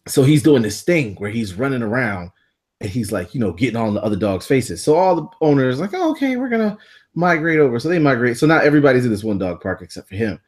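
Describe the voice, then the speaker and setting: A man co-hosting a podcast, telling a story in a casual, animated way, swearing freely and acting out the people in it. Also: medium pitch, fast, slightly rough. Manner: animated, profane, acts out voices. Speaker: podcast co-host.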